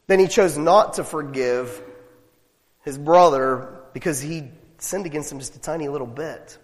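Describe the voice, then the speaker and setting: Male pastor, animated sermon delivery, fairly high voice, long echoing hall. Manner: animated, emphatic preaching with rhetorical questions.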